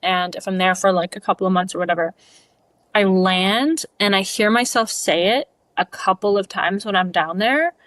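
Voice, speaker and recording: A woman's voice: mid-range voice, fairly bright tone, dry recording. A woman from Canada with a slight French Canadian accent, chatting playfully as a podcast guest. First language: bilingual French and English. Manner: chatty, playful, quick asides. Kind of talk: casual interview chat.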